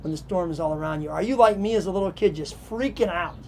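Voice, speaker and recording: A man hosting a devotional show, telling a personal story in an animated, conversational way with frequent fillers. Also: high-pitched, rapid-fire, a little hiss or hum. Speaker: devotional host.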